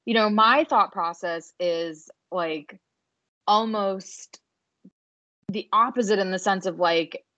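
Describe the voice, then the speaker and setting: A woman's voice: medium pitch, slow pace, pushed and bright, no echo, lo-fi sound. A young adult woman co-hosting a podcast, chatting casually about a reality show, often restarting her sentences and swearing casually. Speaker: podcast co-host. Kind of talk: casual recap chat.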